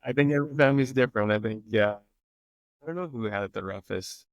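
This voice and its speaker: A man's voice: mid-range voice, fast talker, no room sound, muffled recording. A man in his thirties, a podcast guest in casual chat, easygoing, with short agreeing replies.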